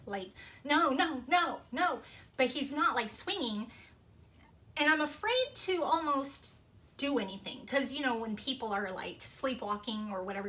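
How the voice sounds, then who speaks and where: A woman vlogger telling a personal ghost story in a casual, animated, rambling way, full of "like" and restarts. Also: on the high side.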